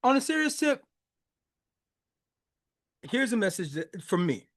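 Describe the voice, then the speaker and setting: A man's voice: high voice, big pitch swings, unhurried, a bit bright. A man hosting a podcast, talking loosely about a song's lyrics, with slang, repeats and frequent laughs. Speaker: podcast host. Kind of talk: casual commentary on song lyrics.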